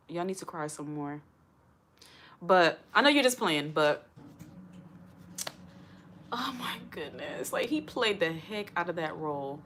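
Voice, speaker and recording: A woman talks straight to her livestream viewers in a chatty, emotional way. Her voice sits a little low, and she sounds close to tears. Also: a bit bright. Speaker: livestream host. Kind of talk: casual livestream chat.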